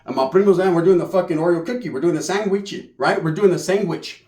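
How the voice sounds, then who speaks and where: A young man from spins a crude comic story in loose, profane street slang. His voice sits fairly high, and it rings around a roomy space. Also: fast talker, darkish tone. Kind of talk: comedic storytelling. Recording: roomy echo.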